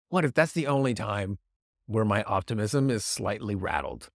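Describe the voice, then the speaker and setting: A man's voice: lowish voice, expressive, brisk, no room sound, clean studio sound. A man hosting a podcast, rambling and joking in a self-deprecating way through good-news stories. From Canada. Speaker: podcast host. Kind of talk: casual comedic news talk. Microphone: podcast microphone.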